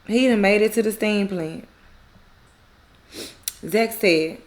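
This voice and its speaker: A woman's voice: mid-range voice, measured pace, long pauses. A woman casually recapping a TV drama episode, animatedly retelling scenes, acting out the characters' lines and laughing often. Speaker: recap YouTuber.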